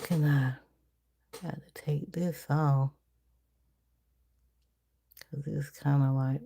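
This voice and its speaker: A woman's voice: slow pace, creaky, long pauses, mellow. A woman reading tarot on a casual live stream, chatty and laughing often as she talks to her viewers. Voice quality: naturally deep voice. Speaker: livestream tarot reader.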